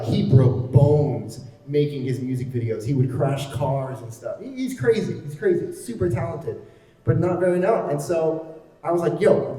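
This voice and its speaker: Mellow-voiced man in an echoing hall. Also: mid-range voice. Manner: enthusiastic, explanatory. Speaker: panel presenter. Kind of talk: convention panel talk. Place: large convention hall. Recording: echoey hall from far off.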